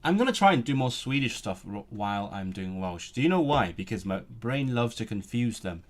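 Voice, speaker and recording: A man's voice: on the low side, big pitch swings, fairly quick. A man who runs a language-learning channel, thinking aloud as he studies, free-associating between languages and correcting himself as he goes. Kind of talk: thinking aloud while studying.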